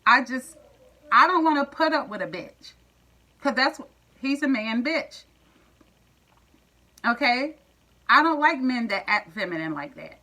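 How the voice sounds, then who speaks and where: Woman vlogger, AAVE, bright tense voice, blunt profane rant, slightly high. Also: lively intonation, unhurried, pauses often, rough recording. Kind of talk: ranting monologue to viewers.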